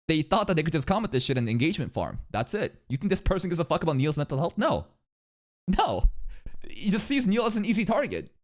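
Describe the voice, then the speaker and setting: A man commenting casually on a clip as a reaction streamer, profane and blunt, with mocking asides. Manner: animated, profane, swings into shrill mocking voices.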